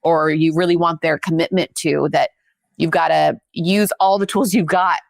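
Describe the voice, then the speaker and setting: An earnest woman explaining how leaders should communicate. Her voice sits low and has a gravelly edge. It is recorded dry, with no room sound. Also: fairly even intonation, normal speed, dry recording. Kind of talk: advice-giving leadership talk.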